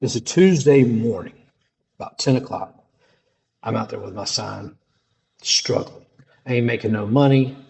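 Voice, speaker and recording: A man's voice: mid-range voice, normal speed, gravelly, pauses often, a little mellow. A middle-aged man telling a personal testimony in a casual, slangy, dramatic way. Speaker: storyteller sharing a testimony.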